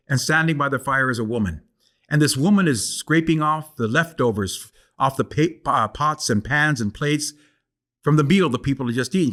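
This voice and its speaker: An older man telling traditional stories aloud, with a rhythmic, repeating cadence. His voice sits mid-range and he slows down and leans on key words for effect. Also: mid-range voice, sharp tone. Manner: rhythmic, repetitive storytelling cadence. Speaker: guest storyteller. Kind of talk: oral storytelling.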